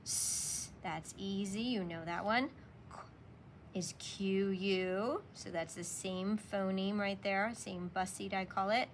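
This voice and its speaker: A woman teacher talks children through a spelling lesson, speaking slowly and sounding out each letter with patience. Her voice sits at an ordinary middle pitch. A faint ambient hiss stays underneath. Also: fairly even intonation.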